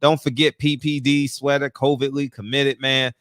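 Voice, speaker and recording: A man's voice: mid-range voice, little pitch movement, normal speed, a bit bright, dry recording, studio quality. A man hosting a casual livestream, greeting viewers by name and ranting loosely with plenty of swearing. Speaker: livestream host. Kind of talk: casual chat.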